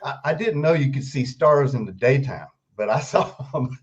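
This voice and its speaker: A man's voice: medium pitch, moderate pace. Older man telling stories over a dull call line. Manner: animated anecdotes, laughs often while telling. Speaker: guest author. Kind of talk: storytelling interview. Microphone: video call. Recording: dull lo-fi remote call audio.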